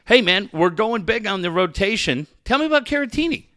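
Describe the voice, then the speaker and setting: A man tears into local sports radio in a high, bright, wildly swinging voice. He swears nonstop and keeps the rant boiling. The sound is dry and close. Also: sing-song, fairly quick, dry recording. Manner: ranting, heated, swears constantly. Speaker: podcast co-host.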